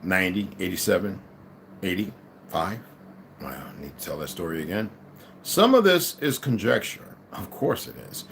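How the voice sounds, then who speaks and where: A man talks on a casual livestream, reading passages aloud and breaking off into commentary. His pitch swings widely, from low mutters to loud, heated bursts. Faint background ambience sits under the voice. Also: normal speed, slight background noise. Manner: rambling, animated, swings between muttering and loud outbursts.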